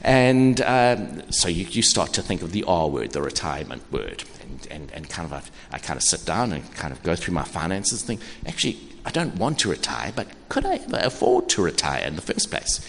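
An older man in his sixties delivers a sermon in a conversational, animated way, stumbling over repeated words as he thinks aloud. His low voice swings widely in pitch. The sound carries a long reverb from a large hall, with faint ambient noise underneath. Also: moderate pace, vocal fry, few pauses. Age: 60s. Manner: conversational, animated preaching with frequent restarts. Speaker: pastor.

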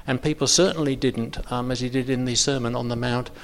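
A man's voice: mid-range voice, fairly even intonation, fairly quick. A man leading an informal Bible study, talking hesitantly with many ums and restarts.

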